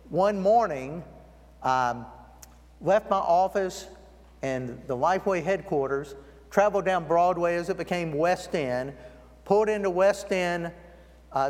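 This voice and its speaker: A man preaching a sermon as a guest, telling a story and slowing down to stress key words. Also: sits high, expressive. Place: church sanctuary. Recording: long church hall reverb.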